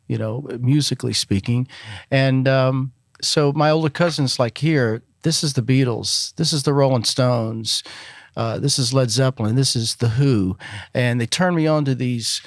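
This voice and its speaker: Middle-aged musician guest, easygoing anecdotes, dry room. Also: male voice, mid-range voice, no room sound. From Alabama, US. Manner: relaxed storytelling with many fillers. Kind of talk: casual interview chat.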